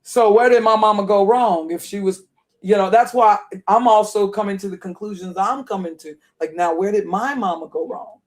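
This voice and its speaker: A man's voice: high-pitched, moderate pace. A man from Chicago talking casually to his audience, rambling, repeating words and laughing often. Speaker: online talk host. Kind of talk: casual monologue.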